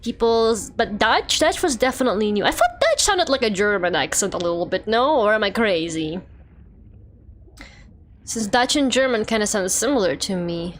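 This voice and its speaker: A woman's voice: mid-range voice, sing-song, moderate pace, slight background noise. A young woman from Russia streaming a game, talking casually and chattily with lots of fillers and frequent laughter. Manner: chatty, rambling, filler-heavy, laughs often. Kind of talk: casual gameplay chat.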